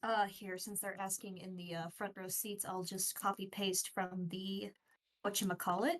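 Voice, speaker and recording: A woman's voice: medium pitch, flat delivery, normal speed. A woman playing a tabletop game who rambles, hesitates and giggles as she works out her moves. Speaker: player.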